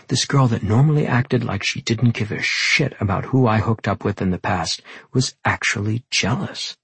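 A man reads a first-person novel aloud with a low, intimate delivery. His voice is gravelly and very husky, and the recording is dry and close with no room sound. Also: moderate pace, hardly any pauses, fairly bright tone, no room sound. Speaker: audiobook narrator.

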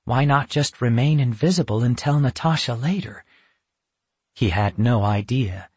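A man narrating a children's storybook in a steady, even reading voice. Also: medium pitch, unhurried, slightly rough, no room sound.

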